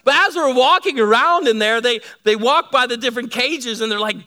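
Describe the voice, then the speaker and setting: A middle-aged man preaching a sermon, telling lively stories to his congregation. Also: extremely high pitch, brisk, hardly any pauses. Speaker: pastor.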